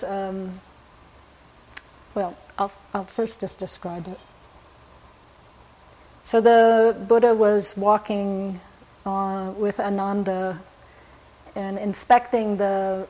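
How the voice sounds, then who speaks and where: A woman giving a Buddhist dharma talk, speaking in a gentle, reflective way with frequent pauses and fillers. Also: mid-range voice, rough recording. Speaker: Buddhist teacher.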